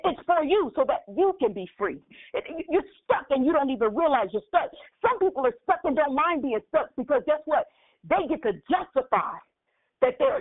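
A woman's voice: high voice, breathy edge, no room sound. Impassioned woman preacher on a phone line. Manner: impassioned preaching with repetition and prayer. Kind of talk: sermon.

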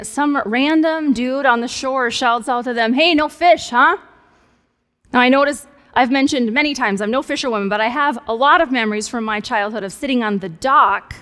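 A woman's voice: on the high side, a bit bright. A woman pastor preaching a sermon in a conversational, playful way with humorous asides. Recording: long hall reverb.

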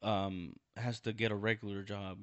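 A man's voice: fairly low pitch, little pitch movement, moderate pace, no echo, dull audio. Laid-back man chatting, dry mic. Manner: laid-back, agreeable, laughs along. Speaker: stand-up comedian, podcast co-host. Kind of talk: casual chat.

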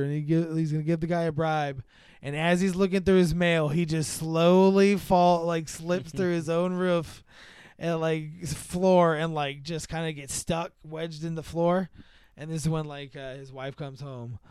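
A man with a clear, smooth voice who talks casually about a movie, with lots of fillers and laughs. His voice sits a little high, and the sound is dry. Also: fairly even intonation, moderate pace, darkish tone, dry recording. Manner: rambling, laughing, full of fillers. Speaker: podcast host. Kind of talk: casual movie-review chat.

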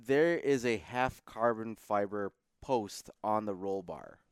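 A man's voice: lowish voice, expressive, slow, clean tone, no room sound, clean studio sound. A man co-hosting a car podcast in casual chat, often backing up his partner with short agreements. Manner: agreeable, frequent short affirmations. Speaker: podcast co-host.

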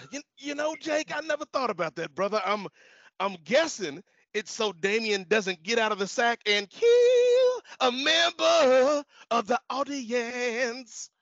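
A man's voice: high voice, normal speed, pushed and bright, no echo, highs cut off, exaggerated voice. A man playing a goofy wrestler with a pet bird, who stammers and gets flustered. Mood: bewildered.

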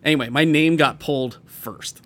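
A man's voice: fairly high pitch, normal speed, a bit bright. A man co-hosting a podcast, telling a story in casual chat, rambling with many fillers and restarts. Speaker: podcast co-host.

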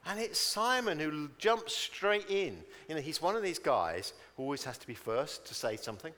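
A man's voice: fairly high pitch, expressive, moderate pace, hardly any pauses, pushed and bright, big-room sound. A man preaching a chatty sermon, telling stories and acting out their people in voices.

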